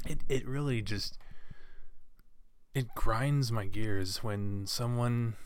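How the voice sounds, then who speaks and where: A man's voice: medium pitch, takes it slowly, no room sound, clean studio sound. A young man hosting a solo podcast, ranting with many restarts and fillers. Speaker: podcast host.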